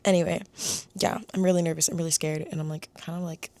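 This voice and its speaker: A woman talking earnestly in a casual book review vlog, pausing often to find her words. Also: on the low side, little pitch movement, dark tone. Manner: earnest, searching for words with frequent pauses.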